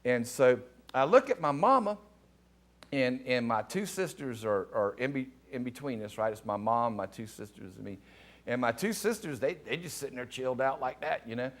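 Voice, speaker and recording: A middle-aged pastor telling a personal testimony in a sermon, animated and excitable, with a gravelly voice. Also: male voice, moderate pace. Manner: animated storyteller, rising to excited high pitch at climaxes. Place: television studio.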